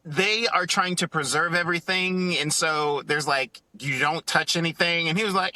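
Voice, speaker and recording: A man tells a story on a podcast, all excitement, jumping into little voices for the people in it. His tone is strikingly bright and a touch high. The recording is close and dry. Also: moderate pace, few pauses, dry recording. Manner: animated, acts out quotes in other voices. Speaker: podcast co-host. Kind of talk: casual storytelling.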